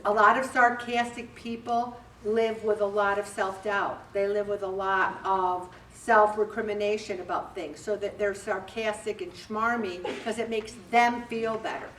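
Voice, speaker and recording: A woman's voice: medium pitch, fairly even intonation, measured pace, few pauses, fairly bright tone. Chatty older woman in roomy hall. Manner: chatty and direct, acts out little conversations. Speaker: group leader speaking to a weight loss group. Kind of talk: casual motivational talk. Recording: roomy, distant, faint background hum.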